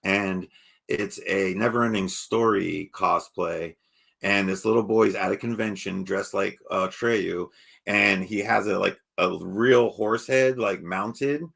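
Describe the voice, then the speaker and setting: A man's voice: low voice, fairly even intonation, takes it slowly, gravelly, fairly bright tone. A man co-hosting a podcast, chatting casually in a laid-back, rambling way with lots of filler phrases. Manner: laid-back, rambling, says "you know what I mean". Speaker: podcast co-host. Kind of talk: casual chat.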